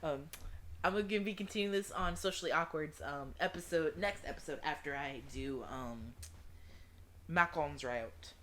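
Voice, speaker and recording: Low-voiced woman reading a visual novel. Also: moderate pace, fairly bright tone, a little hiss or hum. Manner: reads narration with frequent restarts and self-corrections; breaks into candid, joking asides to chat. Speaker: gamer playing a visual novel.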